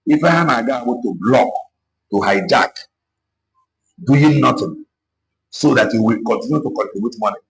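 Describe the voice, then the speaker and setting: An activist gives an impassioned political talk, switching between Igbo and English and repeating himself to exhort listeners. His medium-pitched, expressive voice has vocal fry, a moderate pace and frequent pauses. The rough recording carries slight background noise.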